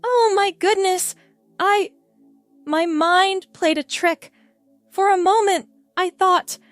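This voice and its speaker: A woman voicing a gentle, wistful older aunt who lost her daughter, speaking softly and hopefully in a recorded story reading. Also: very high voice, slow pace, no room sound, soft background music, pitched above the performer's own voice. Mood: flustered. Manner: soft, hopeful, breaking with emotion.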